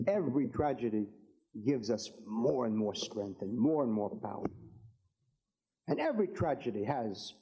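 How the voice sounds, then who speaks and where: A man's voice: medium pitch, lively intonation, normal speed, mellow, poor audio. A man, a rabbi, giving an impassioned political speech to an audience, fervent and repetitive, building to emphatic declarations.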